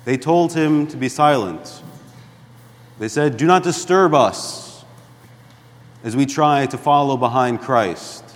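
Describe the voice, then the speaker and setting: A man delivers a sermon at a slow, measured pace, his mid-pitched voice carrying a long church reverb. He preaches deliberately, building to emphatic calls and sinking to quiet, hushed lines. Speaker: priest.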